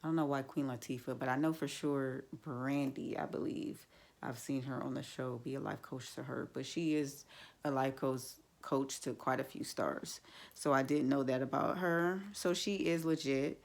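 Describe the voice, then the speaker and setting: A woman's voice: very deep voice, fairly even intonation, normal speed, gravelly. A woman recapping a reality TV episode in a blunt, chatty way, full of fillers and frank opinions. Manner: blunt, chatty, many fillers like "like" and "you know". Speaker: TV show reviewer.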